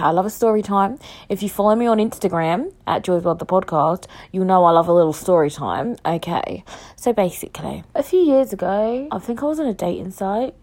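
A woman's voice: fairly low pitch, a little mellow. A young woman hosting a solo podcast, rambling and joking at herself as her thoughts jump around. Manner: rambling, jokey, self-mocking, jumps between thoughts. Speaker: podcast host. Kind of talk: solo casual chat podcast.

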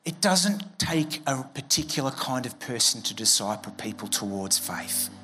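A man's voice: mid-range voice, animated, normal speed. A man preaching a sermon as a pastor, conversational and joking, acting out quoted voices. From Australia.

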